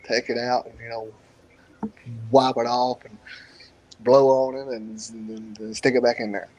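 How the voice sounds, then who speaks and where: A man's voice: mid-range voice, little pitch movement, unhurried, a little mellow, highs cut off. Easygoing, joking man on a panel. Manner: easygoing, joking, laughs often. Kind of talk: casual live-stream chat.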